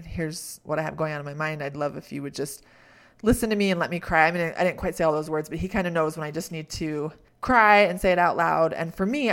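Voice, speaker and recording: A middle-aged woman talks through a personal story in a reflective coaching tone. She is candid and laughs at herself now and then. Her voice sits a little on the low side. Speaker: podcast host.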